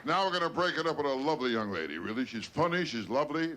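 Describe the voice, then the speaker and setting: Male emcee, gruff teasing intro, stage noise. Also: mid-range voice, animated, rapid-fire. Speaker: show host. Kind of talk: introducing the next comic. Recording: distant stage mic amid crowd noise.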